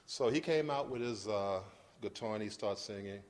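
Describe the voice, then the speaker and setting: A man in his fifties from Brooklyn, New York, giving a lively storytelling lecture and acting out scenes for the audience. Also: lowish voice, normal speed. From Brooklyn, New York, United States. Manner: animated, acts out scenes, addresses the audience directly. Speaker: guest lecturer.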